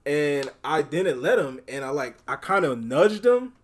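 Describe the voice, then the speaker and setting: A man co-hosting a podcast, telling work stories in relaxed, hesitant casual chat with many fillers. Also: a little high, unhurried. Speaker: podcast co-host, store manager.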